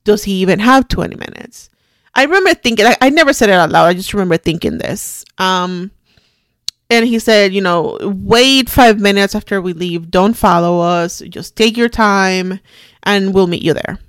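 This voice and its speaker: Middle-aged woman host, mid-pitched, halting and shaken as she recounts, dry close-mic sound. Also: no echo. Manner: halting, restarts, quiet and shaken. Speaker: podcast host. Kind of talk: personal storytelling monologue.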